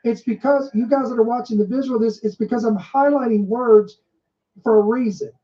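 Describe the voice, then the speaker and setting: A woman with a higher-pitched voice reads headlines aloud and breaks off to comment on them. She stresses and repeats key words for effect, and her tone is warm and mellow. The recording sounds dull and muffled. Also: brisk. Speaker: podcast host. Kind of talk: commentary reading news aloud.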